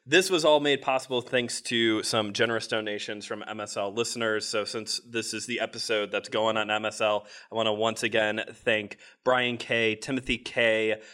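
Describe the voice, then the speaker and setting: A man's voice: lowish voice, fairly even intonation, normal speed, hardly any pauses, bright, forceful tone. A man from the northern US hosting a live podcast recording in a church hall, chatty and joking. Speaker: podcast host.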